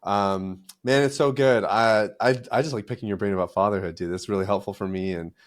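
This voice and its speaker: A man hosting a podcast in a relaxed, affirming way. His voice sits a little low, and he backs up his guest with short agreeing remarks. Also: brisk. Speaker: podcast host. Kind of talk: conversational podcast interview.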